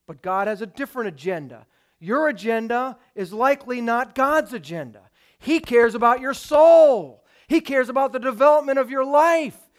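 High-voiced man preaching a sermon. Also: animated, normal speed. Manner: emphatic, with rhetorical questions to the congregation. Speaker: pastor.

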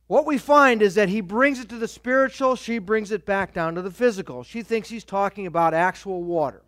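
A male pastor preaching a sermon in an animated way, acting out the voices of the people he quotes. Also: high-pitched, moderate pace, no room sound, clean studio sound.

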